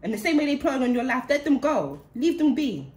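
A woman's voice: high voice, very animated, a little fast, a little mellow. A woman giving a channeled spiritual reading in an indignant, heated way, repeating phrases for emphasis. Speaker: spiritual card reader. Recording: roomy echo.

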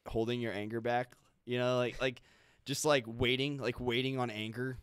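A man's voice: mid-range voice, little pitch movement, moderate pace, smooth, no echo. A young man rambling as a podcast guest, full of fillers and jokes. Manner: rambling, filler-heavy, jokey. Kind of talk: casual chat.

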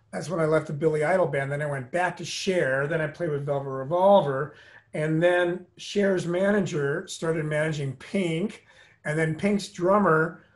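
An earnest, motivational middle-aged man speaking as an interview guest. His voice sits fairly high for a man, and he moves between emphatic bursts and soft, lowered stretches as he tells his story.

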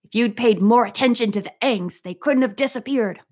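A cold, sarcastic man of the underworld bites off every order in a sharp, mocking tone, as a woman reading a storybook puts him on. He sounds sure of his power and scornful of his captives. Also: fairly high pitch, brisk, close to an everyday voice. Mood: angry. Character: cold sarcastic adult male villain.

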